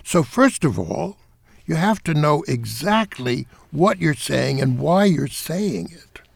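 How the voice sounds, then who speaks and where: An older man, a theater director, giving interview answers in an emphatic, animated way. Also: on the high side, takes it slowly, gravelly, slightly rough, no room sound.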